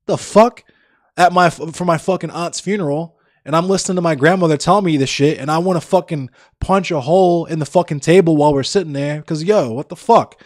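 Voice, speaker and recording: A man's voice: fairly high pitch, a little fast, no echo, studio quality. Profane, blunt young man ranting on stream. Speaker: livestreamer. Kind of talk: casual chat with live viewers.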